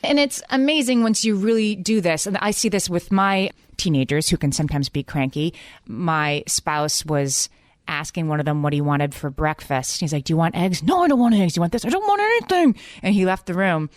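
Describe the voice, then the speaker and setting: A woman's voice: deep voice, moderate pace, dry recording. A woman in her forties co-hosting a casual parenting podcast, telling candid, self-deprecating stories about her kids. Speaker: podcast co-host.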